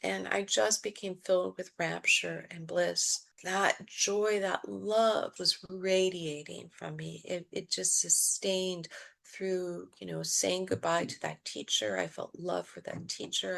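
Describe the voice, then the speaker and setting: A woman who works as a mindfulness coach, telling a personal story in a podcast interview, expressive and reflective. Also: lowish voice, a little slow, creaky, poor audio.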